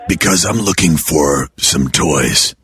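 An actor playing a gruff, brooding Lego Batman in a deadpan prank phone call. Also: slow pace, heavily acted. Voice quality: deep gravelly. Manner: deadpan, odd non sequiturs. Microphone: telephone call.

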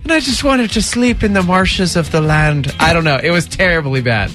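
Guy hosting morning radio in the studio, high bright voice, chatty and laughy, faint music under it. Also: expressive, normal speed. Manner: upbeat, chatty, laughs often. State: sleepy morning voice. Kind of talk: casual morning radio banter. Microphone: studio microphone.

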